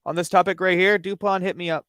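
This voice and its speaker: A man's voice: sits high, flat delivery, quick pace, fairly bright tone, dry recording. Dry-sounding man, blunt and profane. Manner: blunt, profane, backs up the host. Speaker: guest co-host. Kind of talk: casual livestream chat.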